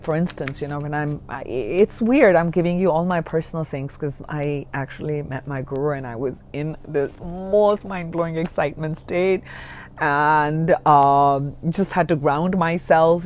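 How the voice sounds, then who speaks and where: A woman giving a general spiritual reading to her viewers, chatty and rambling, who often checks in with "okay?" and moves between hushed and excited moments. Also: deep voice. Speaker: spiritual card reader.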